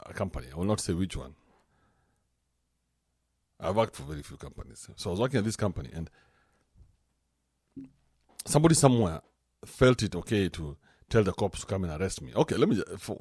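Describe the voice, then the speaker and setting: A man hosting a casual podcast, joking and ranting with a lot of animation. His voice sits fairly low but jumps all over the place in pitch. The sound is close and dry. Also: breathy edge, no echo. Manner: animated, joking, swings into mocking put-on voices. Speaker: podcast host.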